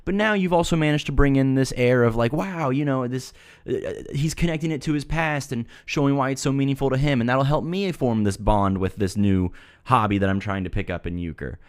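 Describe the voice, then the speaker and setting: A man's voice: medium pitch, brisk, clean tone, no room sound. Guy doing a fake-serious reaction review, lectures earnestly, dry close sound. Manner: earnest lecturing tone, playful asides. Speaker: video reviewer. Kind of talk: mock-serious reaction commentary.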